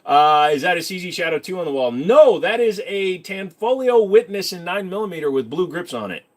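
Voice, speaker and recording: A man's voice: sits high, big pitch swings, brisk. Man, livestream host, casual chat, joking, self-mocking, reads questions aloud, detailed answers. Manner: knowledgeable about handguns, explains in detail.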